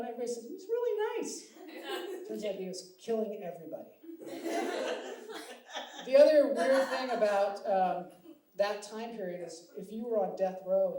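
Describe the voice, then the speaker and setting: Here a middle-aged Seattle comic with a high voice and dark tone does a live stand-up set, wryly putting himself down and acting out lines of dialogue. Sound comes through an echoey room and distant mic, mixed with audience noise.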